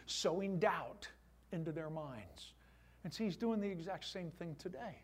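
A middle-aged male pastor preaching a sermon to his church, animated, with voiced asides. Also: a little high, normal speed, husky.

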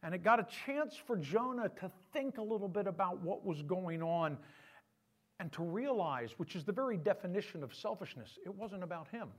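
A man preaching a sermon as pastor, in an animated, conversational way. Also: high voice, normal speed.

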